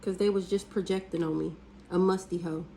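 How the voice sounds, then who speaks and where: A woman doing a casual spiritual reading, blunt and profane, with drawn-out hums and exclamations. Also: lowish voice, fairly even intonation, warm tone, slight background noise, rough recording. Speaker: spiritual reader.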